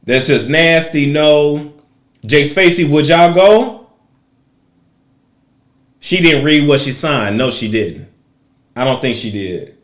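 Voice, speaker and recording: A man's voice: fairly high pitch, animated, slow pace, long pauses, reverberant. A man hosting a casual celebrity gossip livestream, talking straight to his viewers and giving his opinions. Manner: conversational, opinionated, addresses viewers directly.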